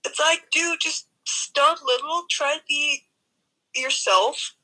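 A young woman co-hosting a casual movie review chat, blunt and sarcastic in an animated way. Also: high-pitched, slow, rough recording. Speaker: co-host.

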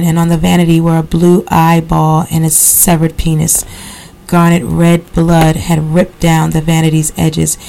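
Gravelly-voiced woman reading a novel aloud. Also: fairly low pitch, rough recording. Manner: steady reading with casual asides. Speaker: podcast host reading a novel. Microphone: computer recording software.

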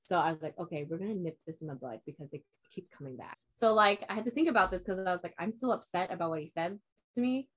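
A young woman with a fairly low-pitched voice recounts a personal story in easygoing, unscripted conversation. She rambles along, leaning on "like" and acting out quoted lines from herself and others. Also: animated, fast talker, a bit bright. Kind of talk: casual chat.

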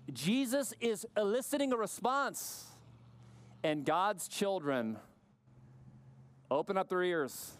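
High-voiced, crisp male preacher. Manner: emphatic, questioning, varies pace and drops low for weight. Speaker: pastor. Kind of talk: sermon.

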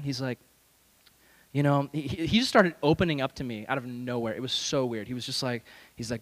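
A young adult man, a youth pastor, telling a lively self-deprecating story in a sermon and acting out the voices. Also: mid-range voice, fairly quick. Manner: animated, self-deprecating, acts out voices in stories.

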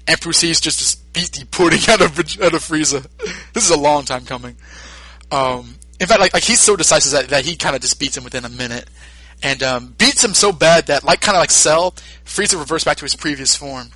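A man's voice: a little high, brisk, no room sound. A man co-hosting a podcast, recapping a film in casual chat with lots of laughter. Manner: laughing, animated storytelling. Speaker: podcast co-host.

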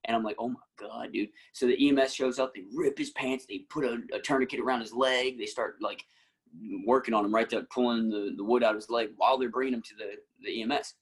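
A man's voice: medium pitch, quick pace, husky, low-quality recording. A man, an actor and musician, telling casual stories as a guest and acting out the people he quotes. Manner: animated anecdotes, acting out quotes, frequent laughs. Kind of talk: casual storytelling.

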